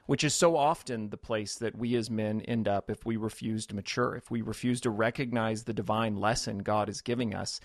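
A man's voice: on the low side, fairly even intonation, normal speed, few pauses, dry recording, studio quality. A man, a pastor and author, thoughtfully explaining scripture as a guest in a radio interview. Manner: reflective, explains scripture with quoted voices.

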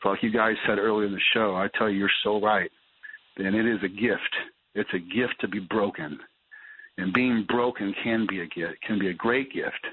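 Husky man on a phone line. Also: fairly low pitch, fairly even intonation, no echo. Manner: halting, repeats words as he restarts. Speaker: guest sharing his recovery story. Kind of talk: personal testimony. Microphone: phone call.

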